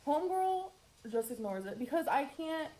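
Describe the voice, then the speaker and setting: A woman's voice: sits high, big pitch swings, normal speed, mellow. A woman chatting through her makeup routine in a get-ready-with-me vlog, upbeat and talkative, with wry sarcastic asides. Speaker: beauty vlogger.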